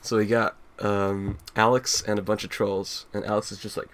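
Low-voiced laid-back man. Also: little pitch movement, moderate pace, a bit bright. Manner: laid-back narrating, many fillers and swearing. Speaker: host reading a fan comic aloud. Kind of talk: casual chat.

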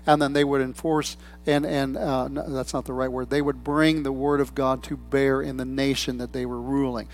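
A man preaching a sermon in a loose, conversational way, telling stories and quoting people in different voices. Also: mid-range voice. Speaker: pastor.

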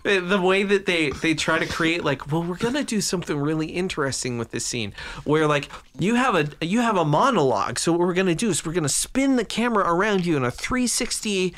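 Bright-voiced man in casual movie chat. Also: sits high, a little fast, few pauses. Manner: animated, swearing, laughing often. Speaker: podcast co-host.

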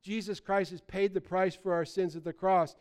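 A man, preaching a sermon, animated, swinging between loud bursts and quiet asides. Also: high-pitched, normal speed. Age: 60s. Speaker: pastor.

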